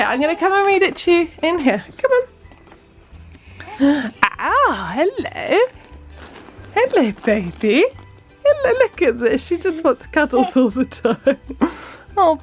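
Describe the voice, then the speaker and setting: A woman talks through her day in a casual vlog, gushing and bubbly, slipping into sing-song baby talk. Her voice sits high and swings widely in pitch. Faint music plays underneath. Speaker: vlogger and new mother.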